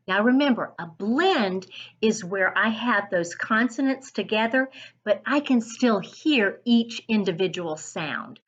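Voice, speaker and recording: A woman reading teacher guides children through a phonics lesson, stretching out each sound very slowly. Her pitch climbs and dips in a lively, encouraging way. The recording sounds dull and lo-fi. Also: slightly rough.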